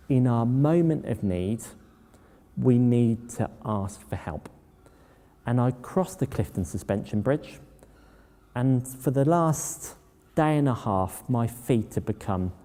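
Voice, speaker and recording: A man's voice: mid-range voice, animated, slow, warm tone. A man giving a talk, telling personal stories in a plain, anecdotal way. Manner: anecdotal, plain-spoken storyteller. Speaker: public speaker. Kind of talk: storytelling talk. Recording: long hall reverb.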